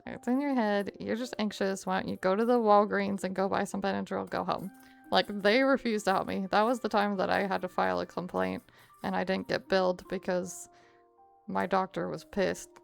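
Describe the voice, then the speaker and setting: A young woman streamer telling a story to her chat in a casual, animated way with frequent laughs. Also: mid-range voice, gravelly.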